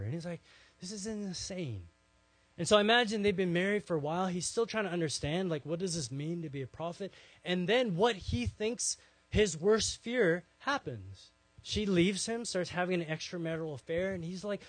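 A man preaching a sermon, telling a story with lively acted-out voices and then growing quiet and earnest. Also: a little high, brisk, no echo. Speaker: pastor.

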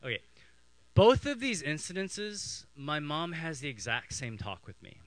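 A middle-aged man from Canada preaching a sermon, telling childhood stories in an animated way and acting out family voices. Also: fairly high pitch, measured pace, no echo, poor audio. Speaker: pastor.

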